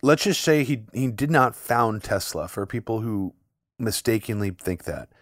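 A man's voice: lowish voice, moderate pace, no echo, studio quality. A man co-hosting a political podcast, talking at length with a sarcastic edge in long, run-on sentences. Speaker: podcast co-host. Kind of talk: casual political podcast chat.

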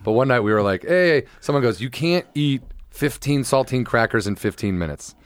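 A man's voice: medium pitch, lively intonation, brisk, no echo. Young male podcast co-host, loose jokey storyteller, dry close recording. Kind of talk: casual chat.

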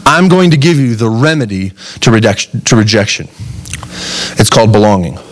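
A man's voice: lowish voice, moderate pace. Earnest man preaching a sermon. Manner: earnest, animated preaching with frequent questions to the congregation. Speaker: pastor.

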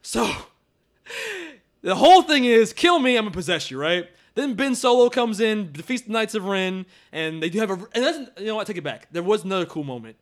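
High, lively young guy for a snarky casual film rant with lots of swearing. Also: a little fast. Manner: animated, sarcastic, swears often, acts out quotes. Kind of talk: casual movie discussion.

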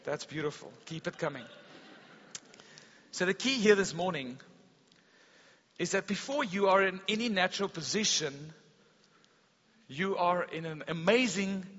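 A man preaching a sermon at a church service, telling stories with a lively delivery that rises loud and drops to a hush. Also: high-pitched, a little slow, long pauses. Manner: animated storytelling preacher, swings between loud and hushed. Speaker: pastor. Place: school hall service. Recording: dull long-reverb hall sound.

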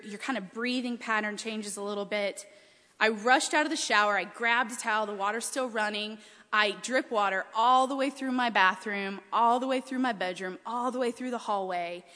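A woman preacher telling a chatty, animated family story during a sermon in a large hall with a balcony. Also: on the high side. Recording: long hall reverb.

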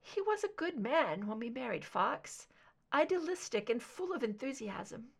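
A woman doing a soft, wistful older mother. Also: fairly high pitch, big pitch swings, a little slow, creaky, husky, full character voice. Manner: soft, wistful, tired yet warm.

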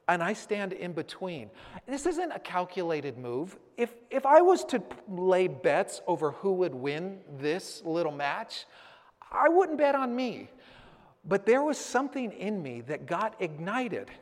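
A man in his thirties telling a personal story to a church audience, acting out the scene vividly and then turning earnest and reflective. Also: sits high. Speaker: speaker addressing a church audience. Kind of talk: personal story told from a stage. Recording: long hall reverb.

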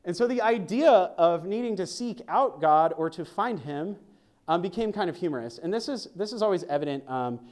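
A man's voice: high-pitched, lively intonation, moderate pace, a little mellow. A man preaching a sermon at a church service, conversational and joking as he reads scripture aloud.

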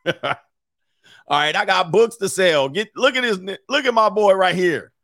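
A man hosts a loose, joking commentary, cursing and laughing as he goes. His voice is gravelly and a bit high. The sound is dry and close. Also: slow, sharp tone, no echo. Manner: profane, joking, laughs often. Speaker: host. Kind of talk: casual commentary.

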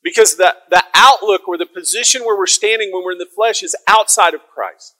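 Bright-voiced preacher, soft to shouting. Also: male voice, high-pitched, brisk, rough recording. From American South. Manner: conversational, swings from soft asides to loud proclaiming. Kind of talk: sermon.

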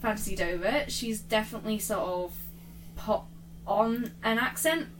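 A woman's voice: medium pitch, normal speed, recorded from a distance, slight background noise, poor audio. Chatty woman player, a bit off-mic. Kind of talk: casual tabletop game chat.

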